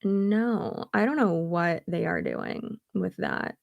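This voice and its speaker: Blunt, gravelly-voiced woman chatting on a livestream. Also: on the low side, big pitch swings, slow pace, no room sound, lo-fi sound. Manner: blunt, sarcastic, swears freely. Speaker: beauty YouTuber. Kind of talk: casual livestream chat. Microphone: streaming setup at home.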